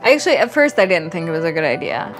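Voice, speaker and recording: A woman talking casually and frankly as an interviewee, with expressive reactions. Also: fairly low pitch, fast, soft background music. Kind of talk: casual talk.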